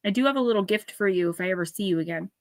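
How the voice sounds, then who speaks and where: A woman's voice: mid-range voice, racing, no echo. A woman giving an oracle card reading on a live stream, speaking earnestly and caringly to her viewers by name.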